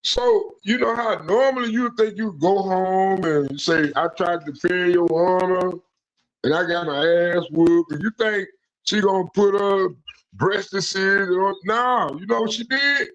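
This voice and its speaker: A man on an online stream call, telling a story in a casual, profane, animated way and acting out the quotes. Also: high-pitched, a little slow, muffled recording. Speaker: panel guest.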